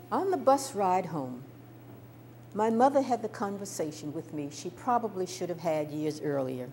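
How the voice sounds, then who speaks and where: Expressive older woman telling a life story. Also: mid-range voice, moderate pace, slight background noise. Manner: expressive, warm-toned recounting with small stammers. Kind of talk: personal storytelling.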